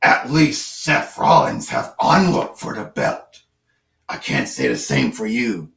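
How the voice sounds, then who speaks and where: A man voicing a brooding superhero with a low, hoarse, gravelly voice and a stern, cold way of issuing challenges. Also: wildly swooping pitch, slow pace, fairly bright tone, full character voice. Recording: roomy, distant from the mic.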